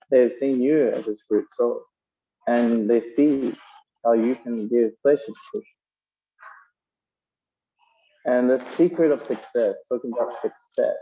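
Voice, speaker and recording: A man's voice: medium pitch, creaky, lo-fi sound, a little hiss or hum. A man giving a conversational sermon, telling stories and using fillers as he explains scripture. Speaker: preacher.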